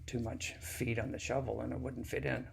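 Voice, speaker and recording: A man's voice: mid-range voice, little pitch movement, normal speed, gravelly, slight background noise. A man voicing a shy, sad little farm boy who talks timidly and hesitantly. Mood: tearful.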